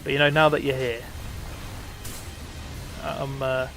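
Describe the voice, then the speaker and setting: Gravelly guy streaming a game. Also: mid-range voice, little pitch movement, takes it slowly, a bit bright, faint music behind. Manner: swearing, self-mocking, laughs easily. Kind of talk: casual live game commentary.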